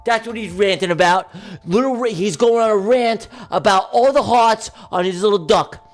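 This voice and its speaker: A man hosting a livestream giveaway, calling a mock race in a joking, excitable way that bursts into shouts. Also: sits high, moderate pace, faint music behind. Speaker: livestream host running a giveaway. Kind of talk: mock race-caller commentary.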